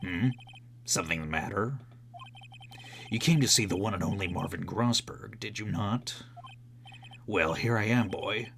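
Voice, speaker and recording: A man voicing a pompous, evasive old male lawyer with a gruff, drawling manner. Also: fairly low pitch, measured pace, pauses often, fairly bright tone, slight background noise.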